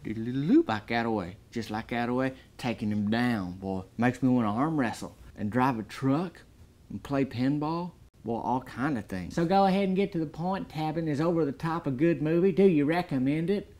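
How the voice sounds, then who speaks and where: A man's voice: medium pitch, normal speed, a little mellow. Folksy man hyping a movie. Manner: folksy drawl, exaggerated hype. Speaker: movie reviewer. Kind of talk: deadpan comedic movie review.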